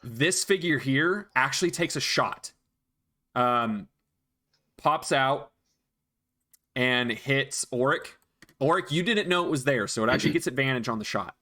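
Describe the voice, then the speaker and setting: A man's voice: mid-range voice, animated, unhurried, long pauses, pushed and bright. A man acting as dungeon master, patiently explaining rules and counting out moves in casual chat. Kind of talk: narrating a tabletop game.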